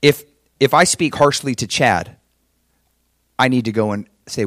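A middle-aged male pastor preaching a sermon, swinging from loud and emphatic to soft and hushed. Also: on the low side, animated, normal speed, no room sound, studio quality.

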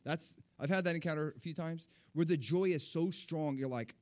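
A man preaching a sermon, telling a personal story with animated, excitable delivery that rises high when he relives moments of joy. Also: moderate pace, few pauses.

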